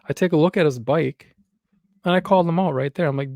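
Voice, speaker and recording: A man's voice: on the high side, brisk, no room sound, studio quality. A man from Wisconsin, co-hosting a casual podcast chat and acting out both sides of the conversations he retells. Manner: animated storyteller who acts out both sides of a conversation. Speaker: podcast co-host.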